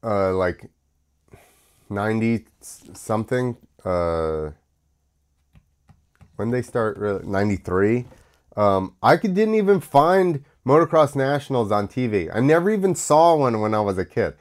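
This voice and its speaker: A man's voice: lowish voice, sing-song, measured pace. An American man hosting his own show, rambling through casual talk with many fillers, coughing now and then while sick. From United States. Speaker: podcast host.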